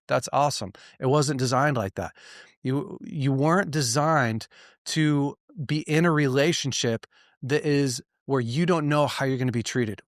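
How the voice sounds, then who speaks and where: A pastor in his thirties or forties speaks earnestly to his listeners at a mid-range pitch, posing rhetorical questions and restarting his sentences as he drives his points home. His voice can catch and sound choked. It is recorded close and dry, with no room sound. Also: no room sound. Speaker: pastor and podcast host. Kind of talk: direct-to-listener podcast teaching.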